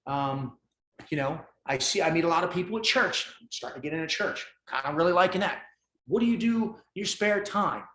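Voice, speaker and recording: Animated man telling his story. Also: fairly high pitch, a little fast. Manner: intense, animated, swears freely. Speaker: podcast guest. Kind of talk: storytelling in casual conversation. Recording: roomy echo.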